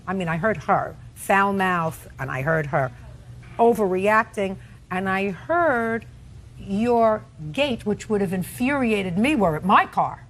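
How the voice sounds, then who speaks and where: A woman's voice: mid-range voice, expressive, slow pace. A woman presiding as a television judge, stern and lecturing, often cutting people off. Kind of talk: courtroom questioning.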